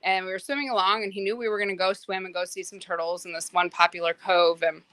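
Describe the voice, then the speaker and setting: A woman's voice: lowish voice, quick pace, dry recording. A woman who works as a private yacht chef, chatting in an interview and telling stories with lots of fillers. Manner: animated, many fillers, acts out quotes. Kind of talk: casual interview storytelling.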